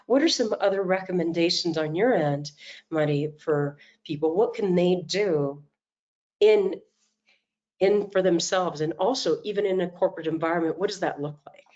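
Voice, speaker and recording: A middle-aged woman coach speaks in a fairly low voice, telling stories with lively energy. The sound is dull and lo-fi, like video call audio. She often acts out what people said. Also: normal speed. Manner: animated storytelling, acts out quotes. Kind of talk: motivational talk.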